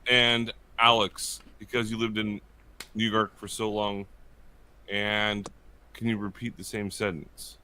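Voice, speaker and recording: A man's voice: on the low side, little pitch movement, slow, bright, forceful tone, slight background noise. A man hosting a podcast, joking around in a playful way. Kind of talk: casual podcast chat.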